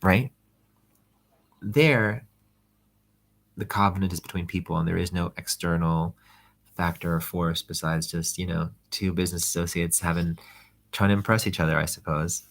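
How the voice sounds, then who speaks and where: Low, gravelly male teacher, rambling conversational lesson style. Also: moderate pace, long pauses. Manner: rambling, conversational, many fillers. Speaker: Torah teacher. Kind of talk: casual religious text lesson.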